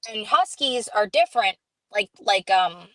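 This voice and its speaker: A woman hosting a casual live stream, telling a story in an animated way, acting out quoted dialogue and greeting viewers as she goes. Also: mid-range voice, a little slow, no room sound, poor audio.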